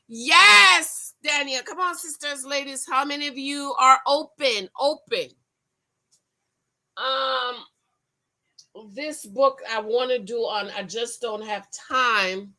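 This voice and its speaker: A middle-aged woman chats through a casual livestream, reading comments aloud and talking straight to her viewers. Her voice is bright and forceful, a touch higher than most. She is animated and laughs often. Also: slow, long pauses.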